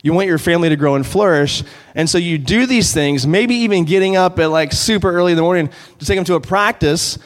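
A man preaching a sermon as pastor, in an earnest, conversational way, slowing down to read scripture. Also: high-pitched. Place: church sanctuary. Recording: long hall reverb.

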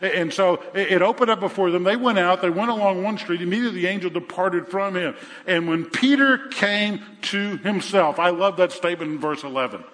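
An older man preaching a sermon, telling a Bible story with animated energy and acting out the voices. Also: sits high, brisk. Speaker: pastor. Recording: echoey hall.

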